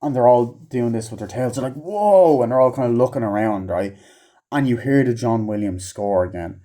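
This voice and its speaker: In a warm, mid-range voice and at a slightly fast pace, a reviewer rants casually about a movie. He rambles, swears often, uses many fillers, and acts out lines from the film at a raised volume.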